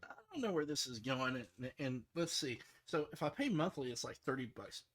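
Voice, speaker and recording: A middle-aged man, a software developer, talking casually and rambling, frustrated, with many restarts and fillers. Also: mid-range voice, sing-song, moderate pace. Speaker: software developer streaming his work.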